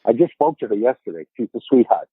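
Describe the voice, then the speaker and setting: A man's voice: mid-range voice, sing-song, quick pace, breathy edge, dry recording, narrow, tinny audio. Boston guy in his 50s just rambling through stories, repeats himself a lot, sounds thin and phoney, real dry. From Boston area, USA. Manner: rambling, repeats words as he starts sentences. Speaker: podcast guest. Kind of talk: casual storytelling chat.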